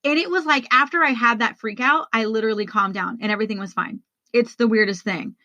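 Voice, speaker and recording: A woman's voice: on the high side, fast talker, bright, forceful tone, no echo, muffled recording. A woman hosting a podcast, telling a personal story in a candid, conversational way and speaking straight to her listeners. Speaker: podcast host.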